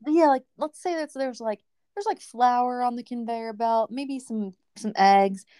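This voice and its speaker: A woman rants her way through everyday stories on a podcast, acting out what other people said and laughing along. Her voice sits fairly high and the recording is close and dry. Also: a little slow, mellow, clear, resonant tone, no room sound. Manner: chatty, ranting storyteller, quotes people, laughs often. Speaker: podcast co-host. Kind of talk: casual chat.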